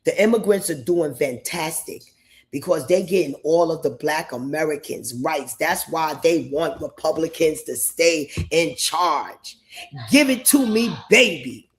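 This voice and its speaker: A man's voice: a little high, measured pace. A man from New York State hosting a livestream and giving opinions in a rambling, emphatic way, often repeating himself. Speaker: livestream host.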